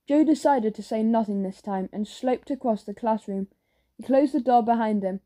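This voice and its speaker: A woman narrating a children's audiobook in a lively storytelling manner. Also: on the high side, moderate pace. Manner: lively storytelling with character voices.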